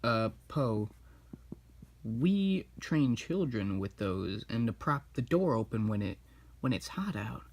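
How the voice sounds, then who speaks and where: A man's voice: medium pitch, sing-song, takes it slowly, vocal fry, darkish tone, exaggerated voice. A man voicing a stern older male kung fu master who sounds dry and exasperated.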